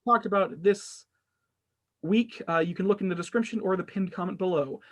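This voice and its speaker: High-voiced rambling male podcast host. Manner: rambling, self-deprecating, halting with fillers. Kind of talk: casual podcast sign-off.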